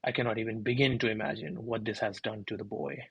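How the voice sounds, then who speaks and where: A man voicing a thin, frail, elderly butler who speaks with stiff formal politeness, softly and low in his husky voice. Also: steady tone, fast, no room sound, dull audio, full character voice. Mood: somber. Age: older.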